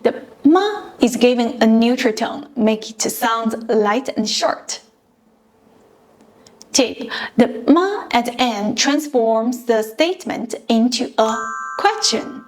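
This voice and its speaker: A woman teacher gives a scripted beginner language lesson at an unhurried pace. Her voice sits somewhat high. She demonstrates each syllable and tone carefully, one at a time. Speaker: Mandarin teacher.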